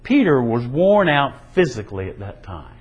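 A man's voice: medium pitch, sing-song, normal speed, husky, dull audio. A man preaching a sermon in an earnest, emphatic way, his delivery rising and falling. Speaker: pastor.

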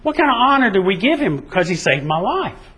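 A man's voice: high voice, big pitch swings, a little fast, sharp tone, voice pushed up, exaggerated voice. A man retelling a Bible story and voicing a boastful king in an offhand, chatty way. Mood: casual. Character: drunk boastful male Persian king.

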